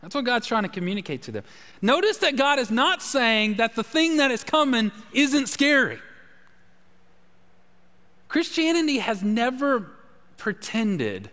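High-voiced preacher in a reverberant hall. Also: male voice, a bit bright. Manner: repetitive, emphatic preaching with many restarts. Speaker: pastor. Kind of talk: sermon.

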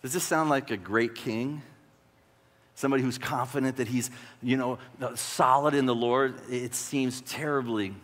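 A man's voice: mid-range voice, a bit bright, big-room sound. A male pastor preaching a sermon, retelling scripture conversationally with rhetorical questions and bursts of drama.

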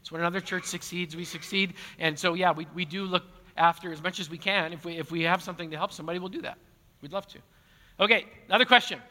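A man's voice: sits high, quick pace, bright, forceful tone. A man, a pastor, answering congregation questions in a church auditorium in a conversational way, often repeating words and joking at his own expense. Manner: conversational, repeats words, self-deprecating humor. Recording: long hall reverb.

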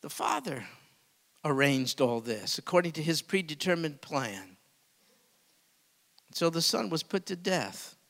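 A man preaching a sermon as pastor, swinging from hushed, intimate asides to booming emphasis. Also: big pitch swings, a little slow, vocal fry, pauses often, in a large hall.

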